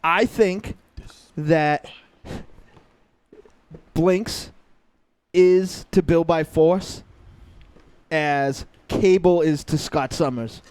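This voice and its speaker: High-voiced joking podcast host. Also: male voice, extremely slow, long pauses, darkish tone, clean tone, dry recording. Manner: joking, teasing, swearing. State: overheated, sweating. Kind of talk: casual banter.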